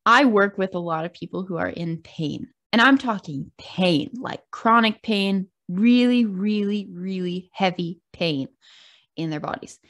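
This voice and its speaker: A young Canadian woman with a Canadian accent, co-hosting a podcast and telling a dating story in casual chat, lively and laughing often as she acts out what people said. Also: medium pitch, unhurried. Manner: animated, laughs often, acts out quoted voices. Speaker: podcast co-host.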